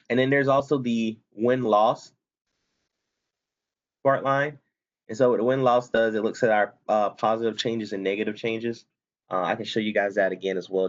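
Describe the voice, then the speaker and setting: The recording is muffled, but you can hear a man with a fairly low-pitched voice explaining a spreadsheet to students one step at a time. It's a screen-recorded software tutorial, and he stays casual, fixing his own slips along the way.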